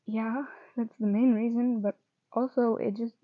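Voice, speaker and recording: Woman reading as a soft teary young guy, pleading, kinda high voice, dull lo-fi mic. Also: steady tone, measured pace, dry recording, lightly acted. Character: young man, gentle and tearful boyfriend.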